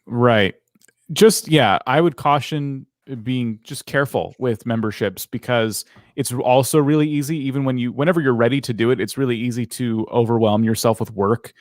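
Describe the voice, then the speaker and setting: Easygoing male co-host, mid-pitched, practical tips, dry close recording. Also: normal speed, no echo. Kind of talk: live Q&A chat.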